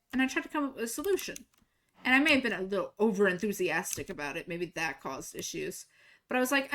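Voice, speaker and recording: A young woman streaming a game, telling a personal story in a casual, animated way and jumping higher to act out quoted lines. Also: fast talker. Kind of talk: casual storytelling while gaming.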